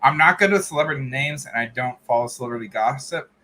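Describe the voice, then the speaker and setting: A man's voice: mid-range voice, quick pace, sharp tone, a little hiss or hum. A man hosting a casual chat, rambling with lots of fillers, restarts and laughs. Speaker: host.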